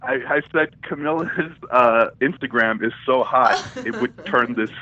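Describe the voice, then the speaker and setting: A man's voice: mid-range voice, normal speed, pushed and bright. A man from New York calling in to a live show, chatty and enthusiastic as he makes a comment. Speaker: caller. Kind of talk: casual call-in comment. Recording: dull lo-fi phone call.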